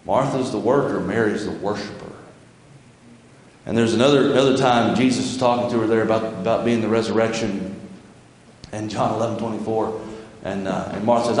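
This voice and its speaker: The voice is a man's: lowish, steady, a little mellow, at normal speed, with some slight background noise. He's the pastor preaching in his church sanctuary, folksy and conversational, reading scripture aloud between his remarks, and the very echoey hall rings with long reverb.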